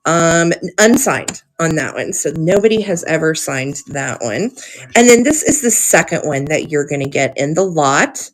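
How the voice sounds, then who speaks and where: A woman's voice: deep voice, lively intonation, moderate pace. A woman hosting a live online auction stream, chatty and gushing, with frequent ums as she shows items. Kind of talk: live sale stream chat.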